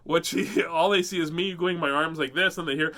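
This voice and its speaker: A middle-aged man casually telling a personal story and then reading a picture book aloud, animated and chuckling often. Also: fairly high pitch, fairly quick, slight background noise. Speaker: host reading children's books.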